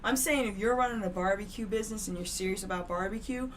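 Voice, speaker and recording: A woman's voice: mid-range voice, fast talker, slight background noise. A woman co-hosting a casual chat show, opinionated and laughing. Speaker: co-host.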